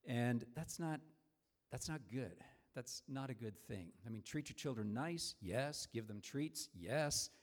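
A man's voice: medium pitch, animated, measured pace. A man preaching a sermon in a conversational, storytelling way, with frequent restarts.

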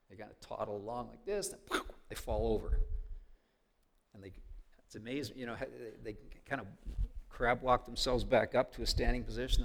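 A man preaching a sermon in an earnest, conversational way. He leans into key words with extra volume, then drops almost to a hush, with a medium pitch throughout. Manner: earnest, conversational, swings from loud to hushed. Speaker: pastor.

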